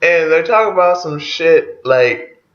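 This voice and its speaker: A man's voice: a little high, expressive, measured pace. A man giving a loose, profane, casual track-by-track review of an album, chuckling often as he talks. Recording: roomy, dull lo-fi recording.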